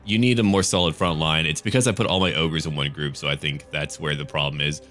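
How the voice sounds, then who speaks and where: An American man giving relaxed, jokey commentary over a strategy game as he plays, chatty and swearing casually. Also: a bass voice, fast talker, soft background music. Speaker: gaming let's-play host.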